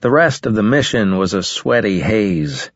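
A man reading a science fiction novel aloud in first person, in a measured, matter-of-fact way. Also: on the low side, sing-song, no echo. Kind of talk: audiobook narration, first person. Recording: slightly dull lo-fi recording.

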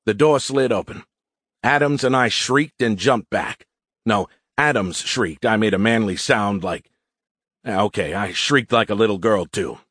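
A man's voice: on the low side, unhurried, fairly bright tone, husky, no room sound, studio quality. A man reading a first-person audiobook in a wry, self-mocking way. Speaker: audiobook narrator. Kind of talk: scripted first-person narration.

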